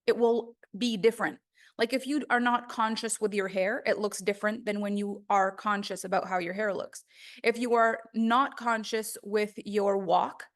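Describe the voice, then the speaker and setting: A woman teaching a course on the voice in a casual, chatty way, full of "like" fillers. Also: medium pitch. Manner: chatty, conversational, many "like" fillers.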